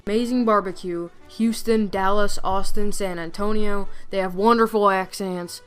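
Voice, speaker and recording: Playful woman with a smooth voice. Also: mid-range voice, fairly even intonation, moderate pace, faint music behind. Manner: playful, jokey, chatty. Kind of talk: casual narration of facts.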